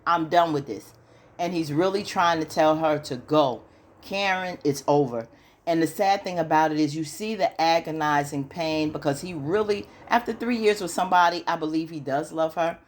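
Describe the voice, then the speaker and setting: Low-voiced woman recapping a TV episode. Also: brisk, few pauses. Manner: animated, retells scenes in quoted dialogue. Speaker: TV show recap host.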